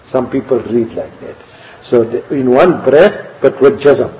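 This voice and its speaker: A man's voice: medium pitch, animated, normal speed, a little hiss or hum. A man giving religious instruction, explaining step by step and chanting example phrases aloud. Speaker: religious teacher. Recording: dull lo-fi recording.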